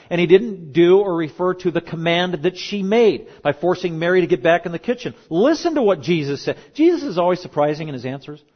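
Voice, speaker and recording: A middle-aged male pastor giving a sermon in an emphatic, conversational way, with joking asides. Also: fairly high pitch. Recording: dull lo-fi recording.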